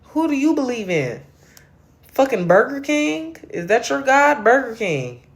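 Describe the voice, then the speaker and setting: A woman's voice: high-pitched, sing-song, measured pace. A woman hosting a late-night livestream, ranting at viewers in a brash, profane and confrontational way while a little tipsy. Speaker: livestream host.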